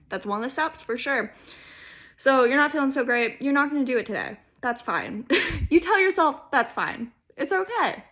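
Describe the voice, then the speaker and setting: A woman's voice: on the high side, fairly bright tone. A young woman, a student, gives a comedic how-to speech, rambling, mocking herself and laughing through her words. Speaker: student giving a class video speech.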